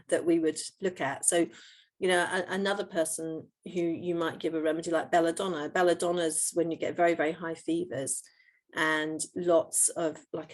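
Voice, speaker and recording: A middle-aged woman who works as a homeopath explains her practice during a podcast interview. Her voice is fairly low with a gravelly quality, and she takes her time, often saying "um" or "you know" and starting phrases over.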